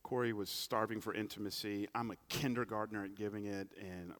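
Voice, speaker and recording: A man preaching a sermon, swinging between big loud climaxes and quiet, humorous storytelling asides. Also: on the low side, fairly even intonation, brisk. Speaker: pastor.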